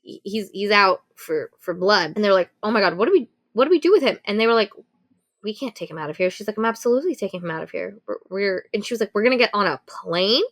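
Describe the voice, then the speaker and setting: Woman podcast co-host, casual storyteller, animated, salty language. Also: medium pitch, quick pace. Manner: animated retelling with profanity and acted quotes. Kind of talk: casual book review chat.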